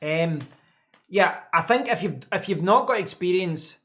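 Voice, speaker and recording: A man's voice: high-pitched, lively intonation, a little slow, fairly bright tone. A man hosting a casual live stream from his home office desk, answering chat in a rambling way and repeating words as he thinks.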